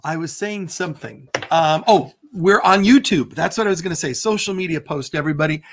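Loud, jokey bishop host, man, a touch high-pitched, keeps interrupting himself. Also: a little fast. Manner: loud, animated, joking, self-interrupting. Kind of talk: livestream prayer and chat.

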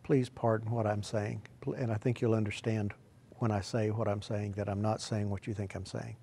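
A man preaching a sermon, swinging between quiet, hushed asides and loud, emphatic exclamations. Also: lowish voice, flat delivery, moderate pace, gravelly, slight background noise.

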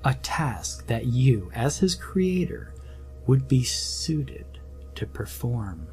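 A man's voice: mid-range voice, sing-song, takes it slowly, darkish tone, soft background music, pitched above the performer's own voice. Man playing a smug, sarcastic scheming doctor.

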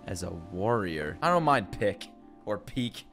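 A young man hosting an anime reaction, excitable and crude, swearing a lot and bursting into shouts. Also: on the low side, measured pace, faint music behind. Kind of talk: live reaction commentary.

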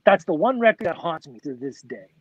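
Man in his 60s, podcast guest, high voice, rambling anecdotes, dry, muffled lo-fi sound. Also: a little fast, no room sound. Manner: lively rambling storyteller, full of "like" and "you know". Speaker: podcast guest, record producer. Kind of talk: casual anecdotal storytelling. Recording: dull, lo-fi, dry.

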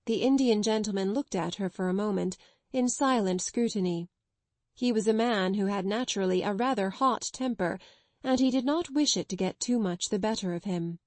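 A woman narrating a classic children's novel in an even, clear storytelling read. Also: medium pitch, normal speed, dry recording. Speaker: audiobook narrator. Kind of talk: scripted narration.

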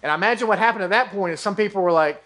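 Guy preaching a sermon, fairly high voice, animated, acts out the crowd's reactions. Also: rapid-fire. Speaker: pastor.

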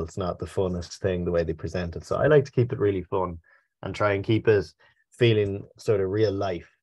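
A man's voice: fairly low pitch, a little mellow. An upbeat, chatty Irish man teaching a language lesson over a video call.

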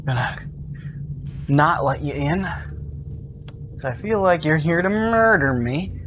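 A young man streams a horror game, rambling to his chat between jumpy, cursing outbursts. His pitch leaps around a lot while his talk stays unhurried. A faint hiss of background noise runs under it. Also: expressive, fairly bright tone. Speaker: gaming streamer. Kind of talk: casual livestream commentary.

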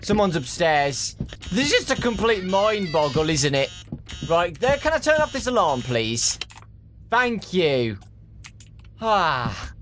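A man's voice: high voice, sing-song, takes it slowly, long pauses, fairly bright tone, faint music behind. A young man playing a horror game for viewers, talking his way through it with nervous, jumpy muttering. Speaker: gaming YouTuber. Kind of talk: horror game let's play commentary.

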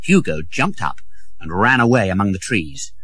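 Expressive male storyteller. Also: lowish voice, moderate pace, husky, no echo. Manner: expressive, acts out every character. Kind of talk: storybook reading for English learners.

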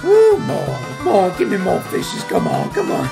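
A man's voice: medium pitch, very animated, takes it slowly, music in the background, voice pushed down. A man doing a manic moody fisherman. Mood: manic glee. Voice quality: hillbilly drawl, wild mood swings from moping to whooping. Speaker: gameplay voice actor. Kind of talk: comedic character play over a game.

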